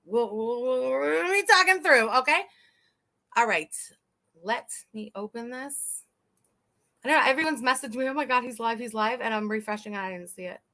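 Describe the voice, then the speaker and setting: A woman hosting a casual live stream with a bright, forceful voice pitched a little high. She chats loosely, laughs often and swears freely, talking straight to her viewers. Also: normal speed.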